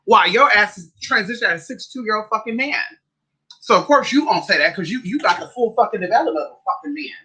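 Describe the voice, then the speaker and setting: A woman's voice: medium pitch, expressive, fast talker, bright, forceful tone, rough recording. A woman hosting a casual livestream, ranting in a sassy, profane, rambling way while eating. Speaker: livestream host.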